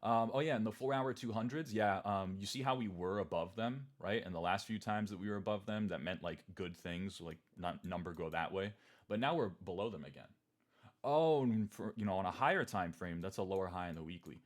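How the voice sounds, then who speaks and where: A man with a fairly low voice hosting a trading livestream. He rants with animated, sarcastic energy and swears freely. His pitch jumps up whenever he mocks how other people talk. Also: brisk. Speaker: crypto trading livestream host. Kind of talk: livestream market commentary rant.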